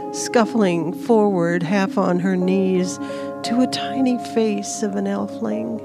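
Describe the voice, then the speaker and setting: A woman narrating a fantasy audiobook in a steady storytelling manner, with fantasy music playing behind her. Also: medium pitch.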